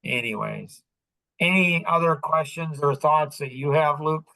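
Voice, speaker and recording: A man's voice: on the high side, unhurried, vocal fry, sharp tone, no echo, low-quality recording. A man coaching a group call in a loose, wandering way, with many fillers and restarts. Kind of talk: rambling casual teaching.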